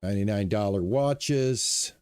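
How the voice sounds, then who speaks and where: A man's voice: lowish voice, measured pace, smooth, dry recording. A man streaming a shop game live, talking through his moves and chatting with viewers. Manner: relaxed, chats with viewers between game remarks. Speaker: gaming streamer. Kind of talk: live stream commentary while playing.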